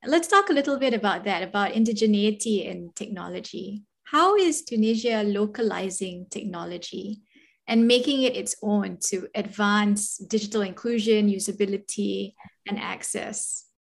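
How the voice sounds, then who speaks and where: A woman hosting an interview. Her voice sits at a middle pitch. She affirms what her guest says and leads into each framed question. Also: normal speed, creaky. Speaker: interview host.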